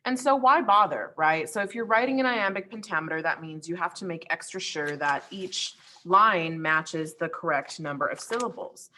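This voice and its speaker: A woman teacher with a somewhat low voice talks students through an assignment over a screen share. She explains in a friendly, casual way, with plenty of ums and likes along the way. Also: normal speed, few pauses, sharp tone. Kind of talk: recorded online lesson walkthrough.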